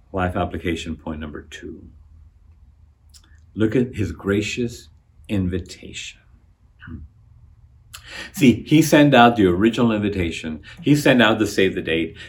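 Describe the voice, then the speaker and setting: A man preaching with rising emphasis. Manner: builds to loud emphatic appeals, drops low on key phrases; repeats words and restarts phrases. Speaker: pastor. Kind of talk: sermon.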